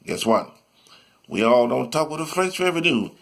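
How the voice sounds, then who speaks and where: A man's voice: mid-range voice, big pitch swings, moderate pace, gravelly, a bit bright. A man giving a rambling motivational monologue, repeating himself and sometimes breaking into sing-song chanting.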